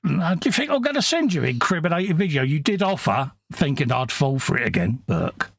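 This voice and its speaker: A man's voice: on the high side, sing-song, brisk, vocal fry, no echo, studio quality. A sniffly man with a southern English accent, co-hosting a live model-building stream, joking around and reading out viewer comments. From England. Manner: chatty, joking banter, reads out viewer comments. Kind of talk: casual chat while building a model kit.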